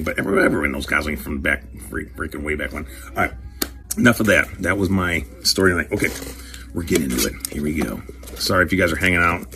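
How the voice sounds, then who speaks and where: Gravelly low-voiced man rambling casually. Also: background noise. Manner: rambling, profane, animated storyteller. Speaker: show host, career coach. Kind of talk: casual storytelling and card opening.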